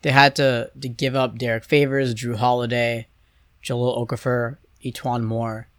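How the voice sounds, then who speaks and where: A young man chatting loosely on a sports podcast, circling back and restarting his sentences as he thinks aloud. His voice sits at an ordinary pitch, recorded dry and close with no room sound. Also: level tone, moderate pace, a bit bright, clean tone, dry recording. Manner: rambling, hesitant, many restarts and fillers. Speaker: podcast co-host. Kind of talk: casual sports chat.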